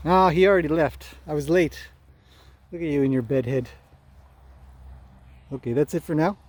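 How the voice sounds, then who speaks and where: A man training horses out in a pasture, talking casually to the camera and chatting to the horses in a relaxed way. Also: a little high, normal speed, pauses often. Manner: relaxed, talks to the horses as he goes. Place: outdoors in a pasture among horses.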